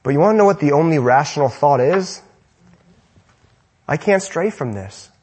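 A young man preaching a sermon to men, with emphatic repeated rhetorical questions, swinging between loud and soft, and ending in prayer. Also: fairly high pitch, lively intonation, normal speed, breathy edge.

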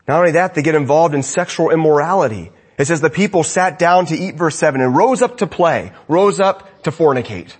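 A man preaching a sermon as pastor, swinging between loud emphatic lines and quiet asides. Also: fairly high pitch, husky.

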